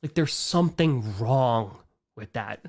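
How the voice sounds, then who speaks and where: A young man ranting on a live stream, animated and exasperated, trailing off and repeating himself as he talks. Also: medium pitch, slow.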